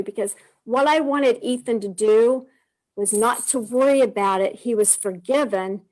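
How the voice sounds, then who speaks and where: A woman in her forties tells her own story over a video call, with a slightly high voice. She talks in an earnest, heartfelt way, often restarting her sentences. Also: a little slow, darkish tone. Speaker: guest sharing her testimony. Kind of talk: emotional personal testimony on a live stream.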